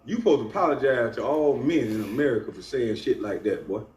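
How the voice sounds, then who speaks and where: A man's voice: mid-range voice, expressive, fast talker, darkish tone, a little hiss or hum. A middle-aged man rants to camera. He is profane and taunting, and he laughs at his own jabs. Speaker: vlogger. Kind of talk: confrontational rant to camera. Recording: echoey room, off-mic, faint ambience.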